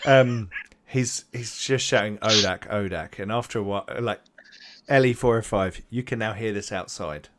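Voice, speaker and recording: A man running a tabletop role-playing game as game master, narrating in a rambling, animated way with sound effects. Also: fairly low pitch, normal speed, a little hiss or hum.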